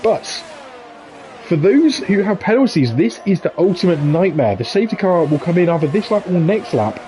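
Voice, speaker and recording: A man calling a live sim race in a slightly high, bright-pitched voice. He talks in a chatty, joking way, with quick asides between the race calls. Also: sing-song. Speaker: esports race commentator. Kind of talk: live sim racing commentary.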